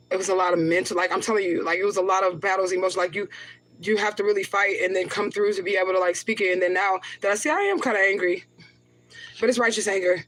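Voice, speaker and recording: A woman's voice: mid-range voice, a bit bright. A woman livestreaming to her viewers, rambling and profane, reading comments aloud and flaring into anger. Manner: repeats herself, flares up in anger. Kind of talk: emotional livestream talk to viewers.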